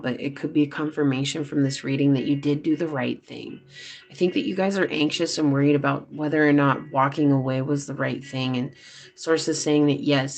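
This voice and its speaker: Gravelly, chatty tarot reader. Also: mid-range voice. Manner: chatty, loose, full of fillers. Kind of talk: casual spoken tarot reading to viewers.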